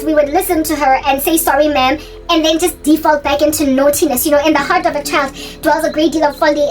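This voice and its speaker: Very high-voiced giggly woman. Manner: giggly, animated, quick asides. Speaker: channel host. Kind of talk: casual storytelling.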